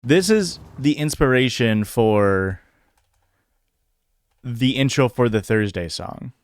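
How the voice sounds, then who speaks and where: A man's voice: medium pitch, expressive, slow pace, no echo. Rambling man hosting a casual livestream. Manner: rambling, hesitant, with many "like" and "um" fillers. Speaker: podcast host.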